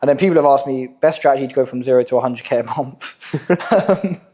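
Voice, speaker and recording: Speaking briskly with a warm, medium-pitched voice, a young adult Englishman hosts a laid-back podcast conversation. He runs an agency and tells his stories in slangy, profane language.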